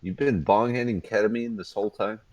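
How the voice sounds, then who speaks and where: A man's voice: lowish voice, steady tone, brisk, a little mellow, dry recording. A man teasing his friends on a voice call, laughing through casual banter. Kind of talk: casual chat.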